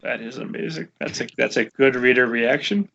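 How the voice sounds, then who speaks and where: A man's voice: mid-range voice, a little fast, gravelly, fairly bright tone, slightly rough, dull audio. A man hosting a casual interview, friendly and asking follow-up questions. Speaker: podcast host.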